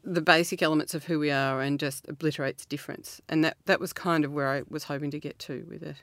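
A middle-aged woman, talking earnestly as an interview guest, laughing often and jumping up in pitch. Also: fairly even intonation, quick pace, a bit bright, no echo. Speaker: author guest. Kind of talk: reflective interview talk.

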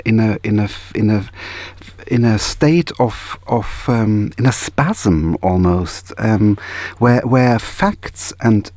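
A man speaking as a guest on a broadcast panel in a halting, earnest way, with many restarts. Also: lowish voice, a little mellow, no room sound.

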